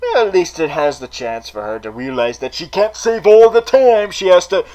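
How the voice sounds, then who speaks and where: A man ranting through a comedic TV recap in a theatrical villain persona. His voice sits high and swings widely, swerving between loud outbursts and mutters, with frequent swearing. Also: sing-song, normal speed, low-quality recording. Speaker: vlog host in villain persona.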